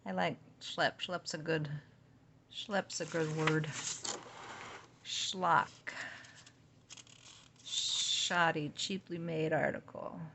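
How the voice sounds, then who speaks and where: A woman with a fairly low voice reads word entries aloud from a book, in an easygoing way. She breaks off now and then for chatty remarks of her own. A faint hiss and small clicks sit under her voice. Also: fairly even intonation, extremely slow, pauses often, a bit bright. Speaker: podcast host reading from a book. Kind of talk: casual reading aloud with asides.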